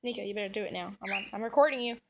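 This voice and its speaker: A woman's voice: medium pitch, very fast, creaky, noisy background. A woman vlogging about her pet cockatiel, chatting casually and cooing to the bird in a sing-song baby voice. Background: cockatiel chirping.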